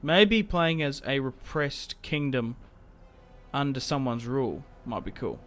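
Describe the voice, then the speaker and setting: A young man giving casual, rambling game commentary, self-mocking and prone to sudden excited outbursts. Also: medium pitch, a little slow, a little hiss or hum. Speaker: gaming YouTuber. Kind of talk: casual Let's Play commentary. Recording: game music playing faintly behind.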